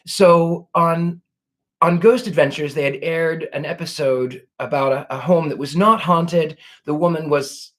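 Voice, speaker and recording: A genteel man with a fairly high voice hosts a live question-and-answer stream as a psychic. He talks in an effusive, gracious way, reading out viewers' questions and answering them at length.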